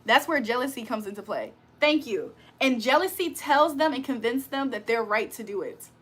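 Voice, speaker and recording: A woman chatting on a live stream with a bright, forceful edge to her slightly high voice. She reads out viewer comments and jokes with them, and laughs often. Her talk is loose and full of slang. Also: lively intonation, moderate pace, husky. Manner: playful, joking, laughs often. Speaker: livestream host. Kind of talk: casual live-stream chat, reading comments aloud.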